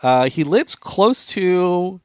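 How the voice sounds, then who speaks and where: A man hosting a podcast, giving deadpan, mock-diplomatic answers in casual chat. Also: high voice, slow pace, clear, resonant tone, no room sound, clean studio sound. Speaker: podcast host.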